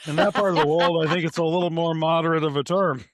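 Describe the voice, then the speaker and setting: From his home studio, a male podcast host chats casually about politics, pausing, stumbling, and repeating words as he works through his thoughts, with frequent chuckles. His voice is a little high and steady, with no echo.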